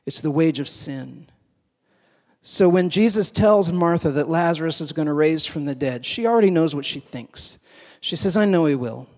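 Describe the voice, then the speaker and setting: A man preaching a sermon, moving between hushed, slow passages and emphatic, raised ones. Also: fairly high pitch, animated. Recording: long hall reverb.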